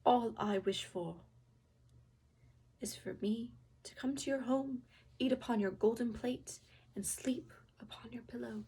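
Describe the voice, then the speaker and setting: A woman's voice: a little high, unhurried, mellow, breathy edge, full character voice. Woman voicing a courtly talking frog, raised voice. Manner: formal, old-fashioned speech. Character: male frog, polite and courtly.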